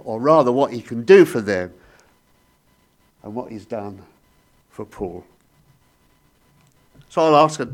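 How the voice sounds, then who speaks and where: A man preaching a sermon, telling stories with sudden rises and soft, hushed drops. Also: medium pitch.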